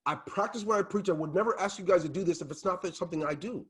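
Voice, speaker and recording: A man coaching his team on a video call, talking in a passionate, emphatic way that sometimes turns loud. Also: sits high, fast, breathy edge. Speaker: team leader and business coach.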